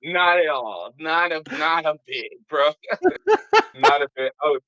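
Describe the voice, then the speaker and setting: A man's voice: fairly high pitch, animated, takes it slowly, bright, forceful tone, dry recording, lo-fi sound. A man in casual chat, laid-back and slangy, laughing along with the story. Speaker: podcast guest.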